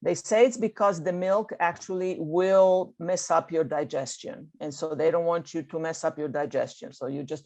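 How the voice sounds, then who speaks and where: A woman's voice: sits low, vocal fry, warm tone. Woman with an Italian accent, language teacher, online class, encouraging, frequent "okay?". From Italy. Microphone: video call.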